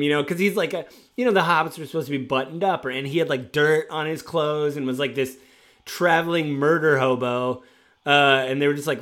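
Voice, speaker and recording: A man's voice: on the high side, quick pace. Man animatedly retelling old game stories. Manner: animated retelling, acts out players' quotes. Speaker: former game master. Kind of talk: casual storytelling chat.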